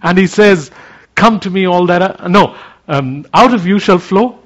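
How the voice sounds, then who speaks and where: A man preaching a sermon, moving from quiet reflection into fervent declaration. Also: sits high, lively intonation, unhurried, muffled recording.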